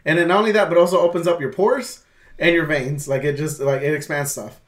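A young man telling a long story in casual chat, halting and rambling, with many restarts and swearing. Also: fairly high pitch, fairly even intonation.

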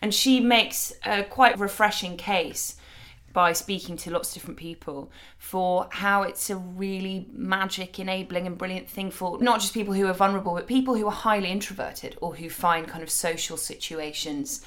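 A woman's voice: mid-range voice, normal speed, a bit bright. A woman co-hosting a casual chat podcast, talking thoughtfully about books and friendship. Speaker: podcast co-host.

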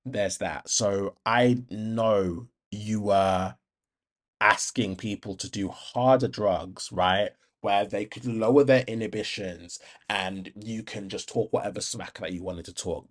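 Blunt, low-voiced man ranting. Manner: blunt, impassioned, swears freely; rambling with many restarts and ums. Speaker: podcast host. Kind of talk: opinionated podcast monologue.

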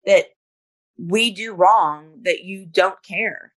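A woman's voice: medium pitch, slow. A middle-aged woman co-hosting a podcast, recapping episodes step by step in a casual chat with frequent "you know" fillers. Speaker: podcast co-host.

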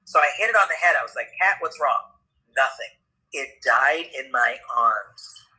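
A man with a very bright, fairly high voice tells a comic story in casual chat. He is animated and quick, and he puts on the voices of the other people in the story. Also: rough recording.

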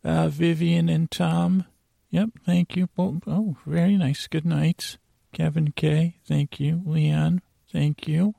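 A man's voice: fairly high pitch, level tone, slow pace, gravelly, dark tone, dry recording, studio quality, pitched above the performer's own voice, heavily acted. A man putting on a chirpy schoolteacher voice. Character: schoolteacher man taking attendance.

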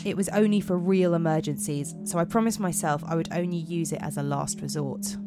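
A woman's voice: lowish voice, fairly quick, over music. A woman podcast host reading horror stories aloud in a put-on American accent, dramatic and giggly with slips.

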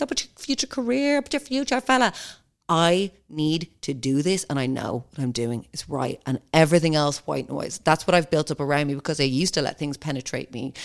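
A young Irish woman talks straight at the mic on her own podcast. Her voice sits low, and she is blunt and lively, swearing freely as she goes. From Ireland. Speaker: podcast host. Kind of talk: casual monologue.

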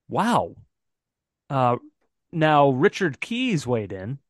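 A man's voice: medium pitch, wildly swooping pitch, extremely slow, no room sound, clean studio sound. A man co-hosting a casual football podcast, thinking aloud with lots of fillers and restarts. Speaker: podcast co-host.

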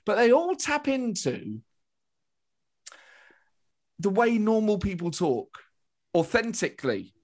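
A man's voice: high-pitched, huge pitch swings, slow, long pauses. A British man, a comedian, talking animatedly as a podcast guest, often restarting his thoughts mid-sentence. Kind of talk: casual interview chat.

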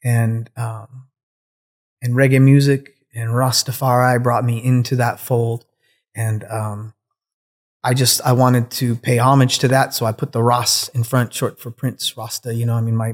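A man speaking as a podcast guest, telling his story in a candid, reflective way with casual swearing. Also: mid-range voice. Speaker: guest, cannabis breeder.

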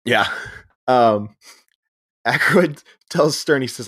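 A man's voice: mid-range voice, expressive, moderate pace. A man co-hosting a podcast, retelling a film's plot in casual chat, acting out the characters' lines and laughing often. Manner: storytelling, acts out quoted lines, laughs often. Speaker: podcast co-host. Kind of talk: casual chat recapping a film.

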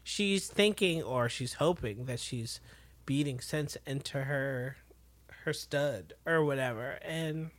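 A podcast co-host in a casual recap chat, reflective, often trailing off and dropping quiet. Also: medium pitch, takes it slowly, dry recording.

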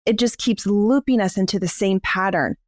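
A woman's voice: medium pitch, moderate pace, darkish tone, no echo, clean studio sound. A woman co-hosting a podcast, explaining her ideas in a candid, casual way and swearing freely. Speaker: podcast co-host.

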